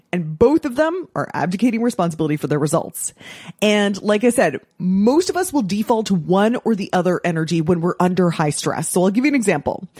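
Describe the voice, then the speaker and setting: A woman's voice: fairly low pitch, a little mellow, dry recording, clean studio sound. A middle-aged woman hosting a casual solo podcast as a coach, blunt and swearing freely, acting out quoted excuses in mocking voices.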